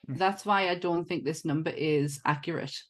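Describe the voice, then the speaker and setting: A woman's voice: low voice, unhurried. A woman with a Northern English accent, co-hosting a casual podcast chat, chatty and laughing often. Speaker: podcast co-host.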